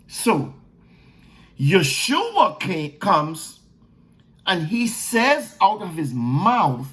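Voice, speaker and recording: A slow, deliberate preacher delivering a sermon teaching, voice swooping widely up and down. Words get repeated for emphasis, and each question is put out and then answered. The delivery is emphatic and insistent throughout. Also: mid-range voice, big pitch swings, fairly bright tone, slightly rough.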